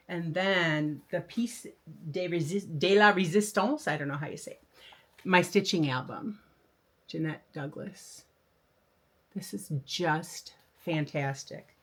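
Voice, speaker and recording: An older woman hosting a craft video, chatting casually and enthusiastically about her new patterns, with frequent fillers and restarts. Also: lowish voice. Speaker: flosstube host. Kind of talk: casual show-and-tell chat.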